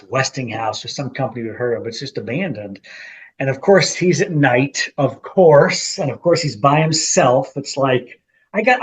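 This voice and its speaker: A middle-aged man co-hosting a podcast, telling a story with animated quotes in a casual chat between old friends. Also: fairly high pitch, breathy edge. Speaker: podcast co-host.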